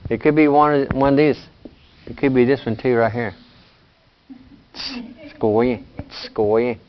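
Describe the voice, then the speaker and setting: A man's voice: medium pitch, fairly even intonation, brisk, slight background noise. An older man teaching a casual language lesson, patient and plain-spoken, often checking in with "you see". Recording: dull lo-fi sound.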